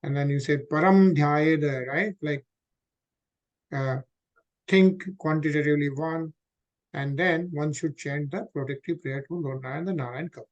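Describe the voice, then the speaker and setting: A man leads a scripture study over an online call, reading verses and then explaining them. His voice sits a bit high for a man, and he keeps asking the group questions and filling gaps with "uh". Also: normal speed, highs cut off. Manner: explanatory, asks the group questions, many fillers.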